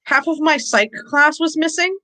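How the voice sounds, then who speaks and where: A woman's voice: high-pitched, normal speed, pushed and bright, rough recording. A woman in her twenties, a guest on a casual livestream chat, speaking with a dry, sarcastic edge. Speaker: stream guest.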